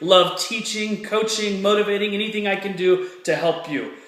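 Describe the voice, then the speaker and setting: A man's voice: high-pitched, moderate pace, a bit bright, roomy sound. An earnest man giving a motivational talk to camera, telling a personal story and repeating phrases for emphasis. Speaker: motivational speaker.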